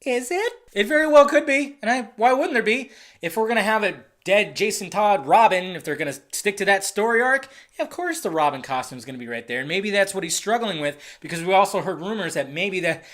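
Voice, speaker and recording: A man casually talking through a film trailer, excitable and rambling, swearing freely as he speculates. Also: high voice, fairly quick. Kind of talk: casual video commentary.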